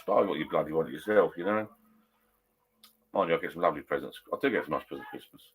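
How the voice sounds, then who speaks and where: A man's voice: extremely low pitch, quick pace, fairly bright tone, breathy edge. A man chatting casually with live viewers from his garden shed bar, rambling and correcting himself as he goes. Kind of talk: casual pub chat.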